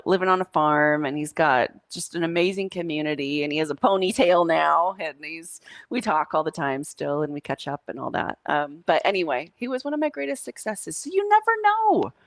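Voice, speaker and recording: A woman's voice: deep voice, expressive, normal speed, hardly any pauses, no echo. A woman teaching a coaching class, talking casually and telling stories to her students. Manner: casual, storytelling, says y'all. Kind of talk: live coaching class talk.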